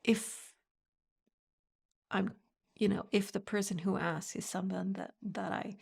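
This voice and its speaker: A woman's voice: medium pitch, steady tone, takes it slowly, creaky, breathy edge. A woman hosting a podcast, talking in a reflective, meandering way in casual conversation. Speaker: podcast host.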